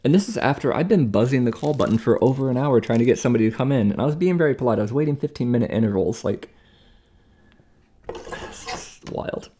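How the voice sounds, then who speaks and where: A man's voice: medium pitch, expressive, rapid-fire, hardly any pauses, warm tone, slight background noise. A young man talking casually in an exasperated, chatty way, acting out other people's lines as he tells a story at home. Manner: chatty, exasperated retelling with acted-out quotes. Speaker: vlogger recovering from surgery. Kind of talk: casual storytelling while cooking.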